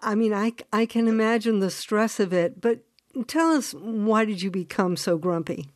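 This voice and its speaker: A woman's voice: medium pitch, normal speed, a little mellow, no room sound, clean studio sound. A woman interviewing an author, asking curious, friendly questions. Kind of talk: conversational interview.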